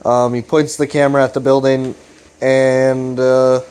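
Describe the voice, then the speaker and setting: A man's voice: mid-range voice, little pitch movement, a little slow, darkish tone, smooth. A young man giving a casual, rambling recap commentary, loose and profane, full of fillers. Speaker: video commentator.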